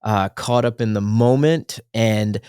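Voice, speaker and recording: A man's voice: on the low side, unhurried, a little mellow, smooth, no room sound, clean studio sound. Earnest man rambling on a faith podcast. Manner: earnest, rambling, self-correcting. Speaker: podcast co-host. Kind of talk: casual faith podcast chat.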